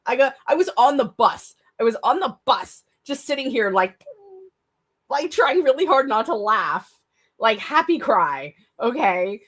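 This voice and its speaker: Excitable, rambling young woman streamer. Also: sits high, unhurried. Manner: excitable, rambling, stumbles and restarts, laughs often. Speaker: streamer hosting a write-with-me stream. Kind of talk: casual live-stream chat.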